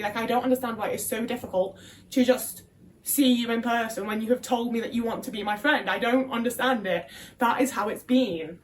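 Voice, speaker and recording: A young woman with a fairly high voice rambles anxiously as she packs up her room, swearing freely and restarting half-finished thoughts. She sits a little away from the mic, and a faint hiss runs underneath. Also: a little fast. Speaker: vlogger. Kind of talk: casual body-doubling chat while packing. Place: home room, packing boxes. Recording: distant mic with faint noise.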